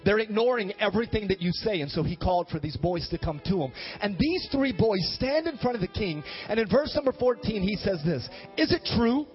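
A man preaching a sermon as a pastor, animated and rising to loud emphatic bursts. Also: high-pitched, brisk, few pauses. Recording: dull lo-fi sermon recording with faint music.

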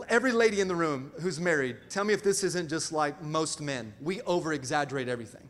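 A middle-aged male pastor preaching a sermon with call-and-response asides and sudden swings from quiet to loud. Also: a little high, animated, a little fast. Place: large church hall. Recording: reverberant church hall with music.

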